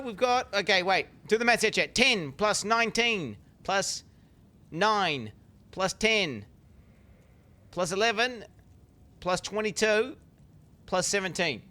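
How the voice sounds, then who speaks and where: A man's voice: high-pitched, lively intonation, slow, long pauses, sharp tone. A man in his thirties streaming a game and chatting loosely with his viewers, swearing constantly and joking around. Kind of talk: casual live-stream chat.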